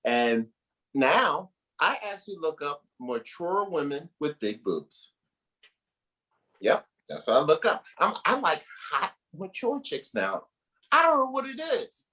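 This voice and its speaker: A man in his forties hosting a comedy show, hyping the comics with loud, playful, bawdy banter. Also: a little high, big pitch swings, a little slow, slightly rough. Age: 40s. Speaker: host.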